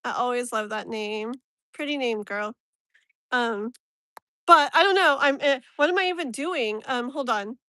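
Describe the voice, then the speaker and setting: A woman's voice: on the high side, a little slow, bright, forceful tone, no room sound, clean studio sound. A woman tarot reader chatting casually on a live stream from her phone, rambling and laughing often.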